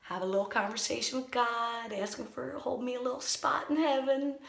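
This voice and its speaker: A woman's voice: on the high side, steady tone, moderate pace, gravelly. Anxious woman ranting in an echoey bathroom. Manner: anxious, rambling, sarcastic. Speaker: comedian. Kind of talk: comic monologue vlog. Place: small bathroom.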